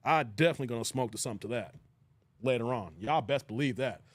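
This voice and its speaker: A man's voice: mid-range voice, fast talker, husky, dry recording. A young man hosting a casual live stream, laughing and talking in loose slang with his chat. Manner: laughing hard, animated, slangy.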